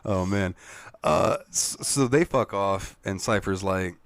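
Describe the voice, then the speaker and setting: A man's voice: sits low, slow, dry recording. A man co-hosting a gaming podcast, recapping game scenes in casual, profane chat and laughing often. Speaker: podcast co-host.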